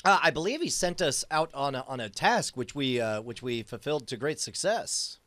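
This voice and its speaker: A man playing a tabletop game, excitable and comic in his actions. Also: mid-range voice, normal speed, dry recording. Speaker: player.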